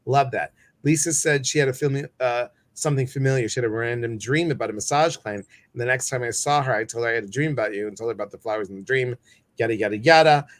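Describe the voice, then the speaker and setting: A man's voice: mid-range voice, fast talker. A man hosting a live stream, chatting casually, greeting viewers and reading their comments, with many fillers. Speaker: host.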